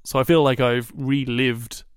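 A man chatting casually on a podcast, wry and quick to laugh, with frequent asides. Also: medium pitch, flat delivery, clear, resonant tone, no room sound, studio quality.

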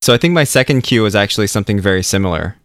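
A man co-hosting a podcast about books, giving his views in a measured, wry way in casual chat. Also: lowish voice, animated, fairly bright tone, no echo, clean studio sound. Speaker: book podcast co-host.

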